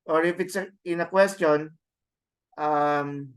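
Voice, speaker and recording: Male language teacher, online class, slow and halting delivery, slightly high voice, many fillers. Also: steady tone, smooth. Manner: slow, explains step by step. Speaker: Greek teacher. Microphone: video call.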